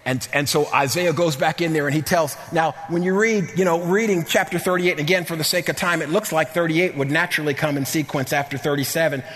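Male preacher, middle-aged, fairly high voice, animated sermon delivery, long hall reverb. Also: quick pace, few pauses. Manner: animated, repeats words, rises to near-shouts.

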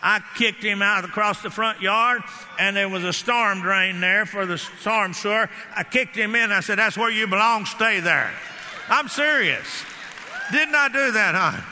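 High-pitched preacher man, sharp forceful voice, telling stories loud in a big echoey church. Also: unhurried, a faint crowd, slight background noise. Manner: animated storytelling, shouting declarations. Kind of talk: sermon. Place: church hall. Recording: hall reverb.

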